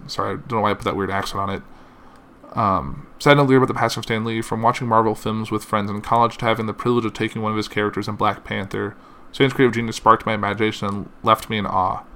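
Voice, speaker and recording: Man, somewhat low voice, bright forceful tone, reading tributes aloud, halting with fillers, emotional. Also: steady tone. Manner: halting, with frequent uh fillers and self-corrections. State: emotional, finding it hard to continue.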